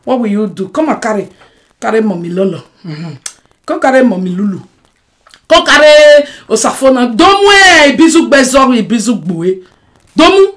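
A Nigerian woman with a high-pitched voice vents straight to her live-stream viewers. She swings from shouting to grumbling under her breath. She mixes Pidgin and English as she goes. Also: big pitch swings, moderate pace. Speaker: social media personality. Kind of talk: emotional live-stream rant.

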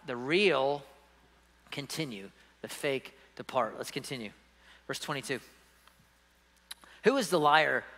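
A man's voice: mid-range voice, pushed and bright, long reverb tail. A man preaching a sermon as pastor, emphatic and conversational, often checking in with the congregation. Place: church sanctuary.

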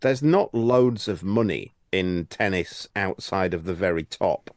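A man's voice: low voice, expressive, unhurried, darkish tone, no room sound, clean studio sound. A man who coaches tennis, explaining things on a podcast with anecdotes and restarts. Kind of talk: casual podcast chat.

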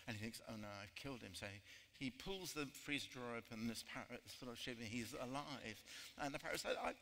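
A man's voice: mid-range voice, sharp tone. A man speaking at a literary festival, telling jokes in a rambling, self-deprecating way. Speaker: author and festival guest. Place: festival stage. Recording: hall reverb, faint ambience.

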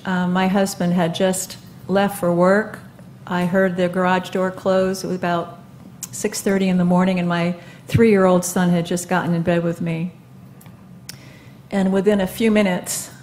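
Older woman, halting earnest live testimony. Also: lowish voice, a little mellow, slight background noise. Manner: earnest, halting, many fillers and restarts. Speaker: guest speaker. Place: live event stage before an audience.

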